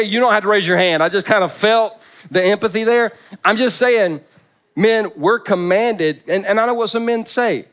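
A male pastor preaches a sermon with humor and emphasis, repeating phrases to hammer his points home. His voice is a little higher than most men's and fairly bright, and he keeps a moderate pace.

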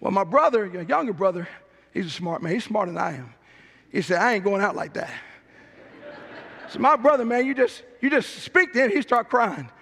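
A man's voice: sits high, big pitch swings, a little fast, vocal fry, bright, forceful tone, slightly rough, in a large hall. A middle-aged man preaching a sermon as pastor, telling stories with emphasis and repeating key lines.

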